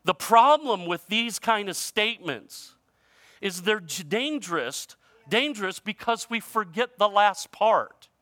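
A male pastor preaching a sermon in a conversational way, using informal grammar, his voice shifting from loud emphasis to quiet. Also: high-pitched, lively intonation, unhurried, dry recording.

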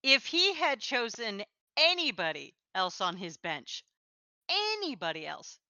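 A woman co-hosts a casual chat with a bright, lively voice that rises and falls a lot. She laughs often and slips in sarcastic asides. The sound is dry and a little dull, as if from a lo-fi mic. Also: fairly high pitch, unhurried, no room sound. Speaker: co-host.

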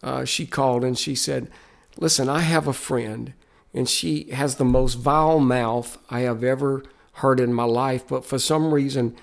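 A man's voice: medium pitch, steady tone, unhurried, gravelly. A man, a Christian musician, telling stories in a podcast interview with an earnest, emphatic, preacher-like cadence.

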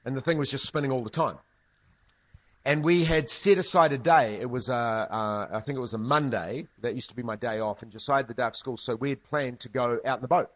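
A man's voice: mid-range voice, fairly quick. A man preaching a sermon, telling stories with humorous asides. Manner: humorous storytelling, lively asides. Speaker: pastor.

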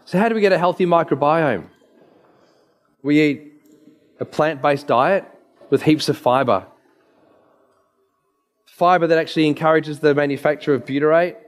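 A man with a slightly raised pitch gives a slide presentation as a naturopath. He tells anecdotes with emphatic delivery and blunt asides. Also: normal speed, pauses often. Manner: emphatic, storytelling.

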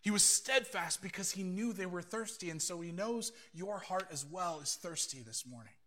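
A man's voice: high-pitched, moderate pace, sharp tone. A man preaching a sermon as pastor, telling the story with animation and acting out the voices he quotes.

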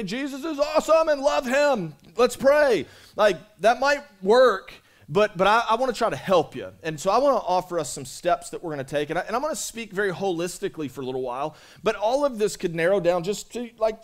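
Chatty pastor preaching to his church. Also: sits high. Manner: conversational, repeats himself, calls out to the congregation. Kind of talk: sermon. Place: church sanctuary.

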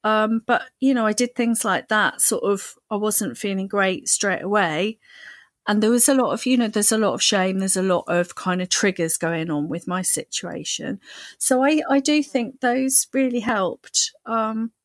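A woman's voice: mid-range voice, unhurried, no room sound. A woman co-hosting a podcast, chatting casually and animatedly, with playful voices for quoted thoughts. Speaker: podcast co-host. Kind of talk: casual chat.

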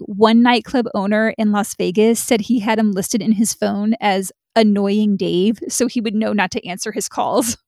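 A woman's voice: a little high, darkish tone, no room sound, clean studio sound. A young adult woman co-hosting a true crime podcast, talking casually and bluntly, swearing freely. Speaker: podcast co-host.

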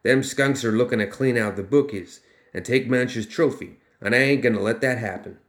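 A man voicing a scheming little sharp-toothed male gambler boss who snaps orders in folksy backwoods slang. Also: medium pitch, brisk, natural voice. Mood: snappish.

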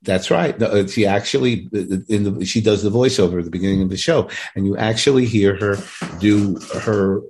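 A man co-hosting a casual fan podcast, talking with many pauses, fillers and restarts. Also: lowish voice, a little mellow. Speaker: podcast co-host.

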